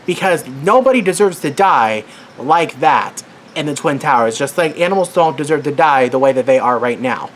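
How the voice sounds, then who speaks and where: A man's voice: a little high, lively intonation, moderate pace, slight background noise. A worked-up man giving an angry commentary rant as a vlogger, swearing and exasperated.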